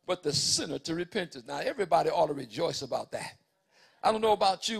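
A man with a high voice preaches a sermon in church. He reads scripture calmly, then rises to loud, fervent preaching and puts questions to the congregation. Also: creaky, slightly rough.

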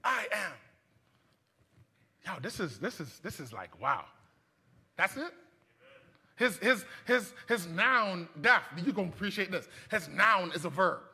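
A man's voice: high-pitched, big pitch swings, a little slow, long pauses, pushed and bright. A man preaching a sermon to a congregation, repeating phrases and restarting lines, and leading call-and-response. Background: congregation answering.

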